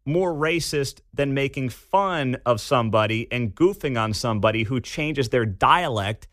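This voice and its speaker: Animated sarcastic male radio host. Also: mid-range voice, unhurried, dry recording, studio quality. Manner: sarcastic, animated, reads quotes aloud. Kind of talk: opinionated radio commentary.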